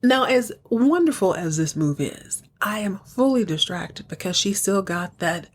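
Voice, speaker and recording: A woman hosting a podcast, recapping a TV episode in a chatty, animated storytelling way. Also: mid-range voice, unhurried. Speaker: podcast host.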